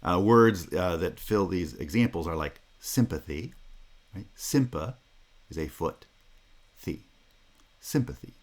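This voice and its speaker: In a recorded lecture on phonology, a very deep-voiced man teaches linguistics, often pausing to ask "right?" and restarting sentences as he explains.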